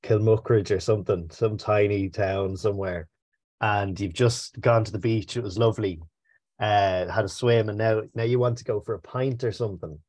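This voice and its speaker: A man's voice: on the low side, steady tone, moderate pace, darkish tone. An upbeat, chatty Irish man teaching a language lesson over a video call.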